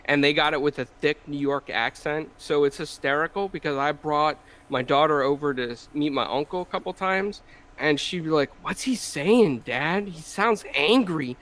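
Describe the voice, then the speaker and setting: A man with a notably high voice chats on a podcast, sharing family anecdotes in an easy, talkative way. He speaks casually. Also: moderate pace, clear, resonant tone. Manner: chatty anecdotes, lively quoting of relatives. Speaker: podcast co-host. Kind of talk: casual chat.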